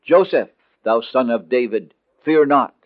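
A man's voice: medium pitch, a little slow, close to an everyday voice. A man voicing a mighty male angel from heaven who speaks in a solemn, commanding, archaic way. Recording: tinny phone-like dry recording.

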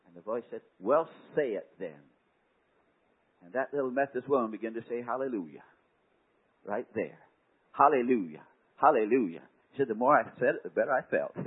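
A man preaching a sermon, telling a story with dramatic swings from hushed words to loud exclamations. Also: mid-range voice, expressive, moderate pace, long pauses, slightly rough. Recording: tinny phone-like recording.

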